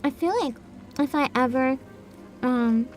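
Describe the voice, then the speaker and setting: A woman livestreamer chatting casually with her viewers while she eats, laughing often and describing herself as loud. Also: sits high, steady tone, unhurried, soft background music. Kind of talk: casual chat while eating.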